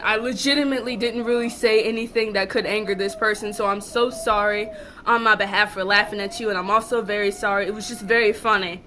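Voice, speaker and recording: A woman's voice: a little high, fairly bright tone. A young woman, talking to camera in a casual rant, mocking and then lecturing firmly. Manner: laughs hard and mocks, then lectures firmly. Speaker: vlogger.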